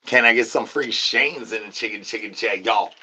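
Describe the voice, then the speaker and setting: Man streamer, bright edgy tone, rambling nonsense comedy, stutters words over and over. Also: lowish voice, normal speed, slightly rough. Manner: sing-song rhyming catchphrases. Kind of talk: absurd comedic rant.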